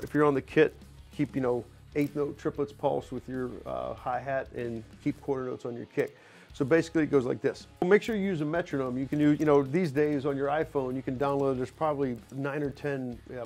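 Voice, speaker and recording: A man's voice: medium pitch, a little mellow. Middle-aged male drum teacher, casual and loose, studio clinic, faint instruments in the room. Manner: loose, conversational, many "you know" fillers. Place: recording studio.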